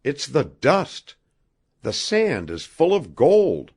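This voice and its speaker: A man's voice: on the high side, slow pace, gravelly, husky, pitched above the performer's own voice, heavily acted. A man playing a thrilled young gold seeker. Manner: breathless, trembling excitement.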